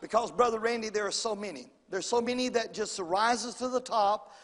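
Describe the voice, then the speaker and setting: A man's voice: high-pitched, normal speed, a bit bright. A man preaching a sermon in a folksy way, repeating phrases and calling on the congregation to answer. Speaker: pastor. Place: church sanctuary. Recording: long reverb of a church hall.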